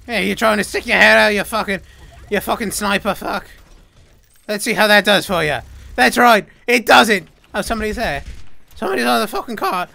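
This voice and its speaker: A young man gaming, loudly swearing and joking through in-character banter with shouted outbursts. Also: sits high, fairly quick, vocal fry. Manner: loud, crude and swearing, with over-the-top shouting outbursts. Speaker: gamer. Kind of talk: profane in-character gameplay banter.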